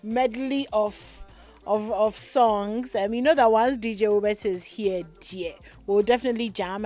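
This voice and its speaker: A woman hosting a live morning radio show, chatty and upbeat as she reads listener birthday shout-outs into a studio mic. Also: mid-range voice. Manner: upbeat and chatty, drawing out words. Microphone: studio microphone.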